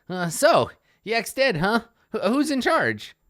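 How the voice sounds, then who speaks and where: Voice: wildly swooping pitch, slow, fairly bright tone, exaggerated voice. A game master voicing a scrawny, half-starved female goblin, brash and pushy, in a tabletop game. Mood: cocky. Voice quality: very high, squeaky. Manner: brassy and pushy.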